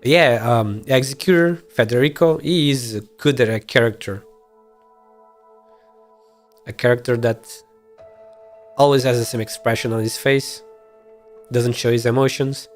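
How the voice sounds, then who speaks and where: A man streaming a game and chatting casually, relaxed, mumbling his plans and swearing now and then. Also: mid-range voice, unhurried, pauses often, soft background music.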